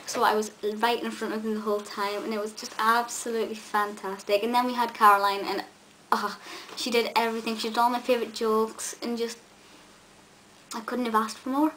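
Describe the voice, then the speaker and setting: A woman's voice: a little high, level tone, a little fast, fairly bright tone, poor audio. A young woman, chatting eagerly to camera in a vlog, with many ums and restarts. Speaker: vlogger. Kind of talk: casual chat to camera. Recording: faint hiss.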